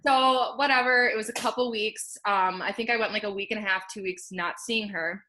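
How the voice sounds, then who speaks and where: A woman's voice: medium pitch, a little fast, few pauses, sharp tone. A young woman sharing her personal success story from home in an upbeat, chatty way, laughing often and peppering her speech with "like.". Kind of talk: casual personal testimonial.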